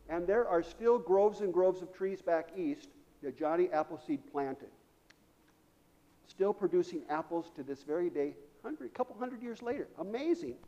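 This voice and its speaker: Male pastor, playful children's-sermon delivery, high-ish voice, long church reverb. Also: warm tone, highs cut off. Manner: playful, asking children questions. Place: church sanctuary.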